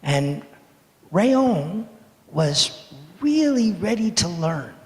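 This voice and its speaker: A man in his seventies tells a true story to the whole congregation with playful, animated delivery. His voice sits high for a man and has a gravelly edge. It is recorded in a sanctuary with long reverb. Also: unhurried. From United States. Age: 70s. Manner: animated, playful storyteller who acts out moments. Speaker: guest speaker telling a story for all ages. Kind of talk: storytelling in a service. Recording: echoey hall reverb.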